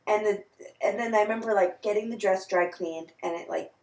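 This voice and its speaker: A woman's voice: mid-range voice, a little fast, darkish tone, roomy sound, poor audio. A young woman in her twenties telling a long, rambling story in casual chat, full of "like"s and laughing at herself.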